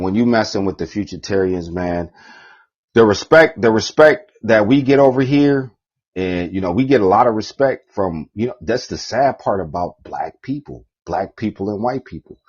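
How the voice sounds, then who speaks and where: A man giving a preachy, profane rant, repeating himself often, with a husky voice. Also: on the low side, dull audio. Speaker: vlogger.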